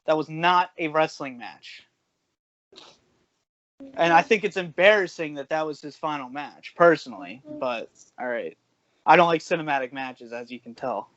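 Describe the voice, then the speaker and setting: A man's voice: a little high, moderate pace, a bit bright. A man hosting a casual podcast chat, bluntly ranting and swearing. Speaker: podcast host. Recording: lo-fi video call audio.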